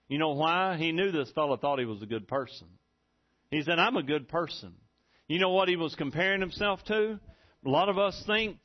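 A middle-aged pastor delivering a sermon with a folksy, chuckling storyteller's touch. His voice sits a little high for a man. The recording sounds dull and muffled. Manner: folksy storytelling, laughs often.

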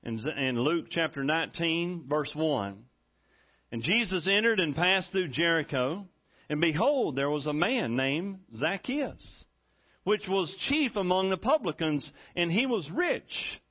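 A middle-aged man preaching a sermon as pastor, folksy and rising to loud, excited preaching. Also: a little high, unhurried. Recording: dull lo-fi recording.

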